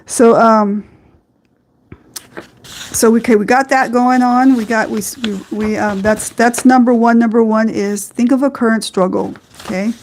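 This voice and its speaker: A woman's voice: fairly high pitch, fairly even intonation, a little slow, darkish tone. A woman hosting a live-streamed faith podcast, talking earnestly and rambling a little, with frequent fillers and small laughs. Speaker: podcast host.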